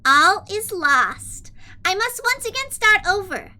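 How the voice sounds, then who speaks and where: A woman's voice: very high voice, very animated, slow pace, pushed and bright, pitched above the performer's own voice, exaggerated voice. A woman putting on a sugary, cute anime-girl voice to read out a grim journal in an exaggerated, sing-song way. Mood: cutesy. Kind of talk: mock dramatic reading.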